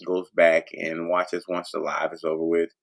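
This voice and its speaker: Livestream host, male, low gravelly voice, rambling and profane, casual to-camera chat. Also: little pitch movement, normal speed. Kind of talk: casual monologue to viewers.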